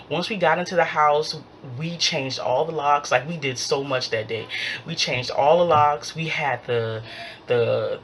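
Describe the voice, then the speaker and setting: A woman tells a storytime vlog in a low, full voice. She is animated and acts out every quoted line as she goes, with a faint hiss behind her. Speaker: vlogger.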